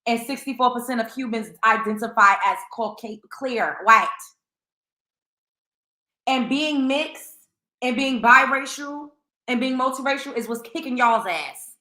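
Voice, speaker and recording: A woman's voice: a little high, a little slow, bright, forceful tone, reverberant. A woman hosting a reaction commentary show, blunt and profane, firing off rhetorical questions.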